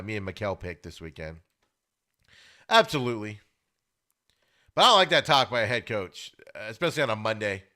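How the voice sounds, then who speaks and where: A man hosting a sports podcast, giving opinionated casual commentary and getting loud and high when worked up. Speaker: podcast host. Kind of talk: casual sports talk monologue.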